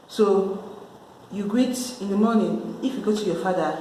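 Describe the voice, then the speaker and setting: A woman's voice: medium pitch, moderate pace, dark tone, slight background noise. A woman from Nigeria, explaining a language lesson patiently in a casual way and repeating the key words. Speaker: language teacher. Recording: very echoey room.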